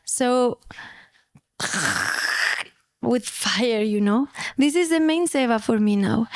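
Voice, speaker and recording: A woman's voice: high voice, dry recording. A woman in her thirties, a mother, sharing a personal story in a conversation, hesitant and emotional, often restarting her sentences. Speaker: mother in a spiritual community. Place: festival.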